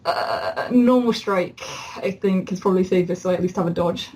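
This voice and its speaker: A woman's voice: lowish voice, normal speed, a little mellow. Laughing, swearing woman player. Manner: laughs often, swears casually. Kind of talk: playing a tabletop game.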